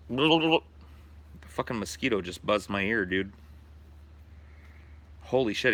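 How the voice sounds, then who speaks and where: Profane, bright-voiced male streamer. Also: fairly low pitch. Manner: loose, profane, rambling. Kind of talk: casual livestream chat. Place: backyard at night, outdoors.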